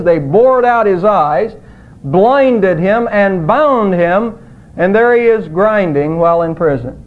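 A male pastor preaching a sermon in an earnest, emphatic way, his voice rising on quoted words. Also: high voice. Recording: tinny phone-like audio.

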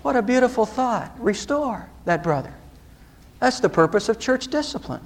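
A man's voice: very high voice, expressive, moderate pace. A male pastor preaching a sermon, earnest and direct, with pointed rhetorical questions to the congregation.

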